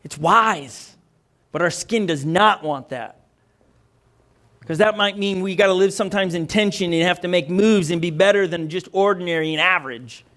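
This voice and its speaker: A male pastor preaching a conversational, energetic sermon, often restarting his sentences. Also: sits high, normal speed.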